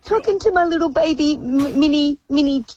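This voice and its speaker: A gushing, doting baby-talk voice, pitched way up and lilting, as a woman caller puts it on. It sways in a sing-song coo. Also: brisk, lo-fi sound, very noisy, close to an everyday voice. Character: cooing adult woman baby-talking to an infant.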